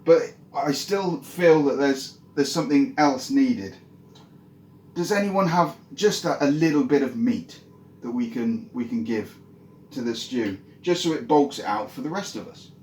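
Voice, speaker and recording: A man's voice: mid-range voice, expressive, measured pace, darkish tone, natural voice. A man voicing a cheerful, resourceful soldier who coaxes villagers, with an upbeat, hesitant manner. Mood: coaxing. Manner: upbeat, coaxing, hesitant restarts. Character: cheerful, resourceful male soldier cooking stew. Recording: roomy echo.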